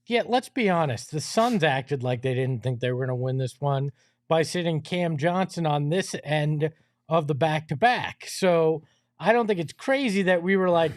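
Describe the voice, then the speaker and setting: Male podcast co-host, playful and jokey, notably high pitch, dry sound. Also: lively intonation, moderate pace, no room sound. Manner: jokey, laughs easily. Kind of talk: sports podcast chat.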